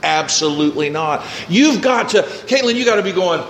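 High-voiced preaching pastor, echoey room. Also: male voice, expressive, moderate pace, a little hiss or hum. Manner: preaching with acted-out quotes and scripture reading. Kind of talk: sermon.

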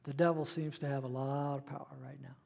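A man's voice: medium pitch, level tone, fast talker, gravelly, darkish tone, big-room sound. A middle-aged man preaching a sermon in a conversational way, acting out the voices he quotes. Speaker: pastor.

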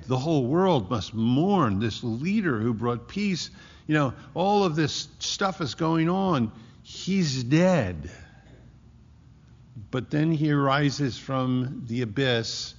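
A man preaching a sermon, emphatic, slowing down to stress key words. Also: medium pitch, vocal fry. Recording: muffled hall recording with long echo.

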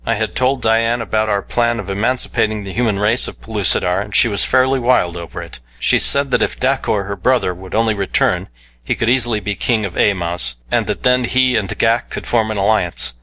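A man's voice: fairly low pitch, brisk, pushed and bright, low-quality recording. A man reading an adventure novel aloud with earnest, dramatic storytelling. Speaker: narrator. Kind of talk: audiobook narration of an adventure novel.

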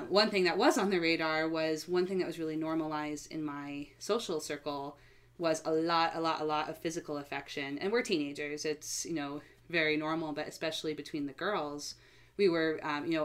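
A young woman with a notably low voice talks easily as a podcast guest. Her speech is relaxed and chatty, full of small fillers, like someone sharing her own story among friends. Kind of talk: casual podcast conversation.

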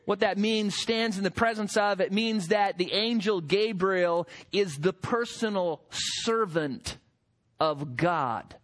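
A man preaching a sermon, emphatic and building to forceful peaks. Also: sits high, takes it slowly. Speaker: pastor.

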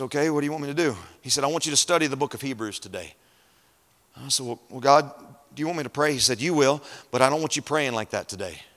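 A man's voice: medium pitch, vocal fry. Male preacher in a reverberant hall. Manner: dramatic, swings between quiet scripture reading and loud emphatic storytelling. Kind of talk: sermon. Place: large conference hall.

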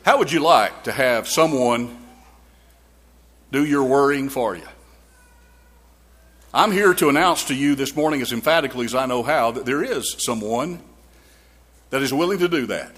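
A man's voice: medium pitch, animated, moderate pace, pauses often, a bit bright, breathy edge. A man preaching a sermon in a church, telling a folksy story with frequent restarts and repeated words.

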